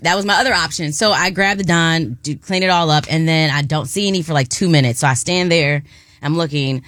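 A woman co-hosting a radio show tells a story in a lively, chatty way. Her voice sits a little low, but it jumps up into sudden squeals when she acts out her panic. The mic is close and dry. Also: brisk, no room sound. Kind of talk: casual chat, storytelling.

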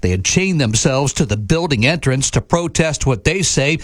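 A man anchoring a radio newscast, reading headlines in a steady scripted way with the odd filler. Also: medium pitch, moderate pace, dry recording.

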